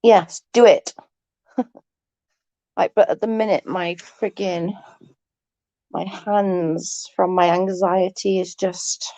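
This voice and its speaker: A woman's voice: fairly low pitch, fairly even intonation, slow, pauses often, dark tone, dry recording. A woman hosting a live stream, chatting casually with viewers; she is tired, stutters a little and keeps restarting her sentences. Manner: mild stutter.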